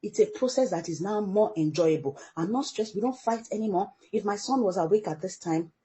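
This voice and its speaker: Middle-aged african-born mom telling a story, lively, acts out every voice she quotes. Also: mid-range voice, fairly quick. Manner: animated storyteller who acts out quoted dialogue. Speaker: guest parent. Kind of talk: storytelling in a podcast interview.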